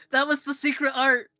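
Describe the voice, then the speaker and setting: Giggly high-voiced woman player. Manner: giggly and lively. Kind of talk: casual tabletop game chat.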